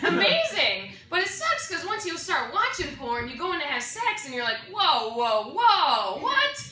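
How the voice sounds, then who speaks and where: A woman's voice: very high-pitched, sing-song, normal speed, sharp tone, echoey room, recorded from a distance. A woman doing a stand-up set, brash and laughing at her own jokes. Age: 20s. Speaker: stand-up comedian. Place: comedy club stage. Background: audience laughter.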